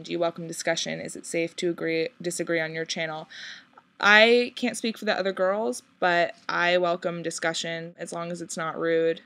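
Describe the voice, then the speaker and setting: A woman's voice: on the low side, fairly bright tone. A young woman answering viewer questions in a casual vlog, giggling, swearing freely and rambling with lots of "like". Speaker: vlogger on a shared channel.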